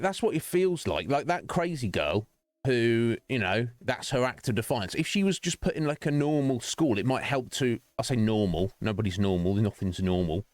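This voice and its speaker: A man's voice: medium pitch, no echo, clean studio sound. A man streaming, chatting casually in a rambling, profane way with many restarts. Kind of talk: casual chat while streaming.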